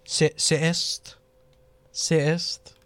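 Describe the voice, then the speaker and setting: A man's voice: on the high side, little pitch movement, very slow, a bit bright, clean tone, no room sound. Give me a man reading a radio events list with a dry, close sound, tripping over names and cracking jokes. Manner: rambling, stumbles over names, joking asides. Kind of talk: casual radio chat.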